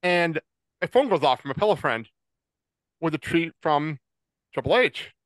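A man in his forties co-hosting a podcast, halting and choked up, with many pauses and fillers. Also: fairly high pitch, animated, a bit bright, dry recording. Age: 40s. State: tearful, choked up. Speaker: podcast co-host. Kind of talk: casual podcast chat.

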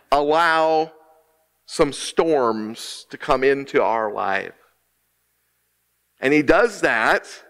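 A man preaching a sermon as associate minister in a church, slow and emphatic, with dramatic pauses and quiet hushed drops. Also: medium pitch. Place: church sanctuary.

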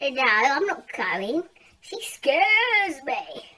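A woman voicing a sulky, spoiled grown-up female doll that whines and complains in a high, childlike squeak. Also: sing-song, extremely slow, heavily acted. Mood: chatty. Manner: whiny and complaining. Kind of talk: toy doll role-play. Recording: loud noisy outdoor recording.

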